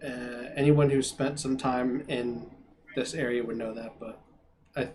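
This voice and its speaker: A man narrating a tabletop game as game master, rambling with many pauses. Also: medium pitch, steady tone, a little mellow, slight background noise. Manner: rambling, filler-heavy narration.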